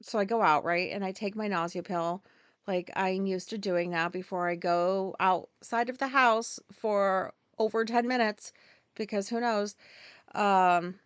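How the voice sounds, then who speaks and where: Hosting a podcast, this woman in her forties speaks in a mid-range voice with a clean tone and no echo. Her casual storytelling wanders, keeps interrupting itself, and is packed with fillers and restarts.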